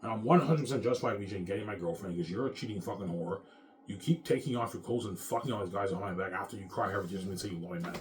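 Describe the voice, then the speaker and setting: A man's voice: fairly low pitch, racing, background noise. A man in his thirties ranting casually to camera, rambling and profane. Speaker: vlogger.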